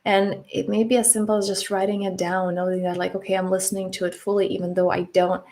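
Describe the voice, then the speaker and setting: Woman, mid pitch, soft reassuring delivery, unhurried guided reflection. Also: level tone. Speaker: self-development coach.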